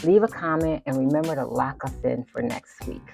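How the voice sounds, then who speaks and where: A woman's voice: very deep voice, a little fast, creaky, dark tone, faint music behind. A woman hosting a motivational podcast, emphatic and preacherly, repeating phrases for effect and turning playful at times. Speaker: podcast host.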